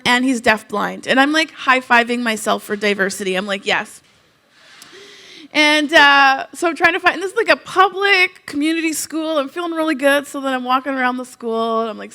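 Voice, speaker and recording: A woman from Canada giving a conference keynote, telling humorous, animated stories full of quoted asides. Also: high voice. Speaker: keynote speaker.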